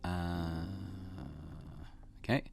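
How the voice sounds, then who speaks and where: A man hosting a let's play at home, thinking aloud in a relaxed way with many fillers. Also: low voice, extremely slow. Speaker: gaming channel host. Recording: game music behind.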